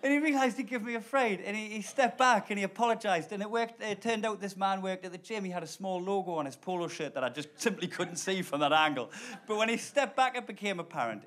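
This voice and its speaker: A man's voice: high voice, animated, fast, fairly bright tone. A man doing live stand-up storytelling, talking conversationally and directly to the crowd. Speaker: stand-up comedian. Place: stage before a live audience.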